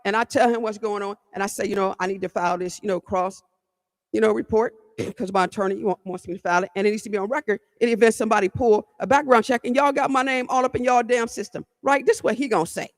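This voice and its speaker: A woman's voice: medium pitch, steady tone, fast. A woman host from the Cleveland area, telling a story on her podcast in a blunt, fired-up way, swearing, repeating herself and talking straight to her listeners. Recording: long hall-like reverb.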